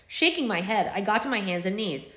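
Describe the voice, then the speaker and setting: A woman's voice: mid-range voice, sing-song, brisk, pushed and bright. A woman hosting a live book club, reading a novel aloud and chatting casually with her viewers. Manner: casual, chatty between chapters. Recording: echoey room.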